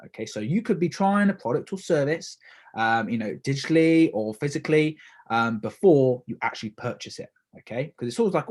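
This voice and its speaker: Fast-talking husky young man podcaster. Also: mid-range voice, animated, a little mellow. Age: young adult. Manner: rambling, with many fillers and self-corrections. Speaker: podcast host. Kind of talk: casual solo podcast talk.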